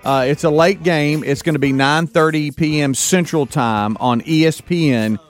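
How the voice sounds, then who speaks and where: A man's voice: on the high side, moderate pace, soft background music. A man hosting a radio show, giving time checks and a sports plug in a loose, informal way full of fillers. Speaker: radio host. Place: radio studio.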